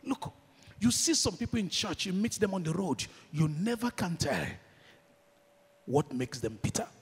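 Nigerian male preacher, slightly high and husky, impassioned sermon delivery, long hall reverb. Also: very animated, moderate pace. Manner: impassioned, swings from shouted declarations to hushed storytelling. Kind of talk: sermon with storytelling.

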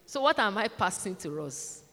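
This sermon comes from a woman with a medium-pitched, slightly bright and very animated voice who speaks at normal speed. Addressing the congregation of a large church directly, she emphatically repeats her exhortations, and the recording carries a long church reverb.

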